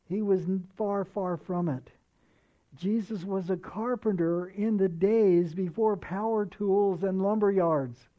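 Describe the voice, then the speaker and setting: Preacher at mid pitch, earnest and chatty, leans on key words; dull lo-fi recording. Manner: earnest, conversational, with slowed, stressed readings of verses. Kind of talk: sermon, reading and explaining scripture.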